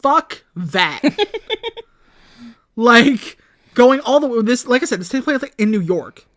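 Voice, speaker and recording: A young woman co-hosting a podcast, recapping a movie in casual chat, animated and swearing freely. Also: fairly high pitch, takes it slowly, dry recording, clean studio sound. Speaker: podcast co-host.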